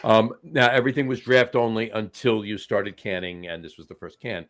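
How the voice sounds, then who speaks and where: A man's voice: lowish voice, steady tone, fairly bright tone. Podcast host, stumbling over his questions. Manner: stumbling restarts, quick to laugh. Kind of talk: casual podcast interview.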